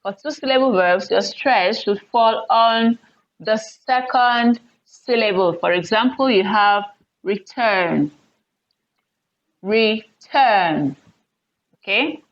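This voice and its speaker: Slow patient lady teacher doing an english stress lesson, kinda muffled lo-fi audio. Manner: slow, patient, repeats example words loudly and high.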